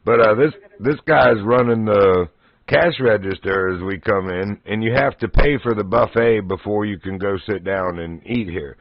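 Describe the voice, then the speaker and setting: Dude on a stream, folksy yarns, keeps chuckling, dull dry audio. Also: male voice, lowish voice, moderate pace, no echo. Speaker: livestream host. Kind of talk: casual storytelling.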